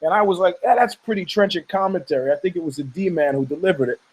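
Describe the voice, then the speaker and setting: A man's voice: high-pitched, fast, husky, low-quality recording. A man hosting a podcast, ranting casually about fight news in a rambling, profane way, laughing often and mocking people in put-on voices. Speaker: podcast host.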